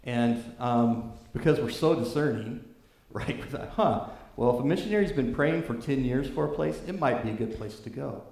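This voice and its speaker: A man's voice: mid-range voice, lively intonation, normal speed, vocal fry, darkish tone, reverberant. A man from California preaching a sermon and telling a story in a loose, conversational way, with frequent fillers.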